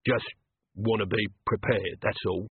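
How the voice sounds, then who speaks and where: A man's voice: on the low side, fairly even intonation, unhurried, breathy edge, no room sound, narrow, tinny audio. A man voicing a wary, mumbling crook. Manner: mumbling, guarded.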